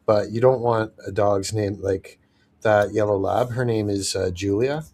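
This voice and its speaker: Husky, easygoing man reading chat. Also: fairly low pitch, steady tone, measured pace, a little mellow. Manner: easygoing, many fillers, reads chat. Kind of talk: casual livestream chat.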